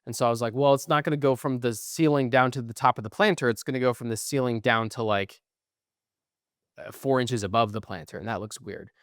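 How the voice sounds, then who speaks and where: A tired young man co-hosting a podcast, telling long, profane, rambling stories and trailing off quietly at the ends of phrases. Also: mid-range voice, a little fast, dry recording, clean studio sound. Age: young adult. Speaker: podcast co-host. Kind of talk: casual chat.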